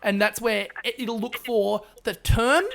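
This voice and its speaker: Man, podcast co-host, casual chat, eager, animated, quick to chime in. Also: very high-pitched, vocal fry.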